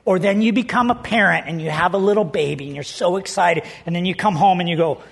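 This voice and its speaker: A man's voice: sits high, fast, gravelly, husky. A man preaching a sermon as pastor, telling stories in an earnest, conversational way.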